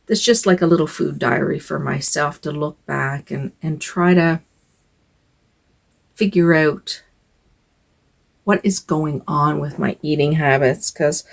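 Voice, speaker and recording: A woman's voice: deep voice, gravelly. An older woman vlogging from home in a rambling, hesitant casual chat, with sighs and fillers.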